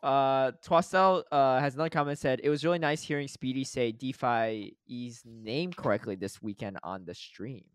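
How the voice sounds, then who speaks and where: A man's voice: mid-range voice, moderate pace, hardly any pauses, smooth, no room sound, studio quality. A man co-hosting a podcast, chatting casually and teasing his co-host with frequent laughs. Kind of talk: casual chat.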